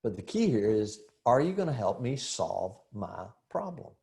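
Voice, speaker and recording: A middle-aged man training real estate agents in a seminar, telling lively stories, acting out dialogue and putting rhetorical questions to the audience. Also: fairly low pitch, normal speed, creaky. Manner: animated storyteller who acts out dialogue and asks rhetorical questions.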